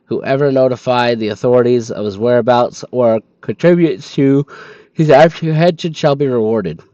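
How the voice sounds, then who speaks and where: A drowsy man reads game documents aloud to his stream, tripping over hard names as he goes. His voice sits at a middle pitch, with a dry, slightly dull lo-fi sound and no room echo. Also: moderate pace, mellow. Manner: stumbles over names, sleepy and yawning. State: sleepy.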